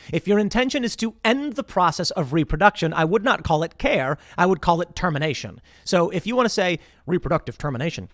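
Animated man ranting on a podcast. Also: fairly high pitch, no echo, clean studio sound. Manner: animated ranting, acts out heated bar arguments. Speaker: podcast host. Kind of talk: political commentary.

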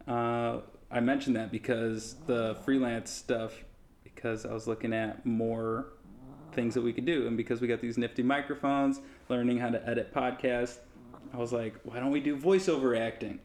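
A man co-hosting a podcast, chatting casually and explaining things in a relaxed way. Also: mid-range voice, moderate pace, slight background noise. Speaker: podcast co-host. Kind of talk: casual chat.

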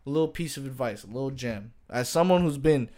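A man's voice: mid-range voice, animated, fairly quick, a little mellow. Slangy, profane joking man. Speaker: streamer. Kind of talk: casual comedic rant to camera.

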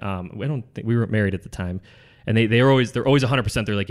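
A man being interviewed, telling stories about his past sales job in a casual, rambling way. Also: fairly low pitch. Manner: fast, rambling, restarts phrases. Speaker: guest, former salesman. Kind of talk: casual conversational storytelling.

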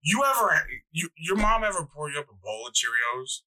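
A man's voice: on the high side, sing-song, brisk, pushed and bright, low-quality recording. A young man co-hosting a podcast in casual chat, joking, swearing freely and laughing often. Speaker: podcast co-host.

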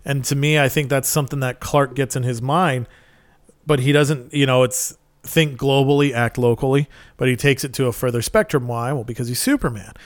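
A man's voice: mid-range voice, fairly even intonation, normal speed, no echo. Chatty man, dry close sound. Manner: rambling, enthusiastic storytelling with many fillers. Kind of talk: casual chat.

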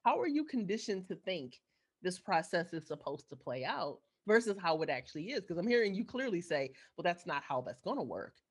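A woman's voice: lowish voice, big pitch swings, fairly quick, breathy edge. A woman hosting a casual chat, reflecting aloud and asking probing questions.

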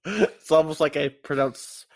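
A man's voice: fairly high pitch, measured pace. A man co-hosting a podcast, chatty and a little hesitant as he retells odd facts. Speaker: podcast co-host. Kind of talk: casual podcast storytelling.

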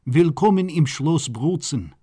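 A man's voice: a little high, expressive, a little slow, warm tone, breathy edge, pitched above the performer's own voice. A man voicing a formal, courteous castle butler with a pinched voice, in a story reading. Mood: formal welcome.

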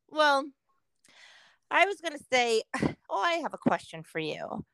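A middle-aged woman co-hosting a podcast, chatting casually with frequent laughs and quoted asides. Her voice sits fairly high and sounds dry and close to the mic. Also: very animated, takes it slowly, creaky, a bit bright, dry recording, poor audio. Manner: chatty, laughing often, quoting others in voices. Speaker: podcast co-host. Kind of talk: casual chat.

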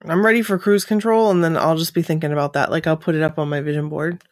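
A woman's voice: low-pitched, fairly even intonation, fast, no room sound, studio quality. A woman co-hosting a podcast, chatting casually and playfully, with short exclamations. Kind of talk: casual chat.

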